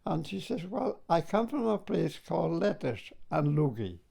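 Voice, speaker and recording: A man's voice: on the high side, big pitch swings, moderate pace, gravelly, dark tone, breathy edge. An older man from Scotland, a war veteran telling stories in an interview, chuckling and often adding "like, you know". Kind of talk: reminiscing in an interview.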